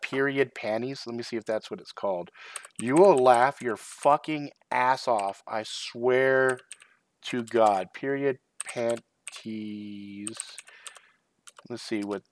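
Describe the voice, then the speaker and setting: A middle-aged man hosts his own channel, chatting casually on a live stream, rambling, swearing, and often breaking into laughter. His voice is medium in pitch and steady in tone, at a measured pace.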